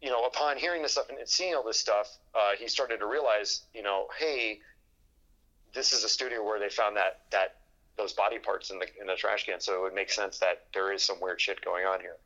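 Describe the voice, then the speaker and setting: A man's voice: fairly low pitch, steady tone, a little fast, bright, forceful tone, muffled recording. A man telling a long story in casual chat, rambling with fillers and restarts and acting out what people said. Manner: rambling, full of fillers and restarts, acts out quoted dialogue.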